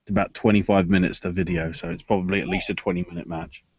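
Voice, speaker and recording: Low-voiced man making dry asides. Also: fairly even intonation, fast talker, a little mellow, husky, dry recording, highs cut off. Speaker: podcast panelist. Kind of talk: casual podcast chat.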